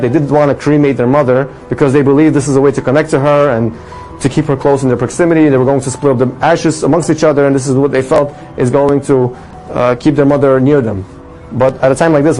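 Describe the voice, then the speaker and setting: A man's voice: on the high side, a little mellow, poor audio. A man telling an inspirational story to an audience as a rabbi, emphatic and full of rhetorical questions. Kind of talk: storytelling talk.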